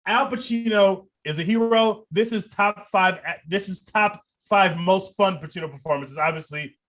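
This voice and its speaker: A man's voice: high-pitched, normal speed, a bit bright. A man co-hosting a podcast, reviewing a movie in casual, profane and enthusiastic chat. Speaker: podcast co-host.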